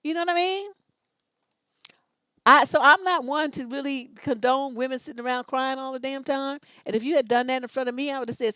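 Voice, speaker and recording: Middle-aged woman, blunt swearing advice host, kinda high voice, dry. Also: a little fast, sharp tone, smooth, dry recording. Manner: blunt, profane, scolding. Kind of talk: livestream advice commentary.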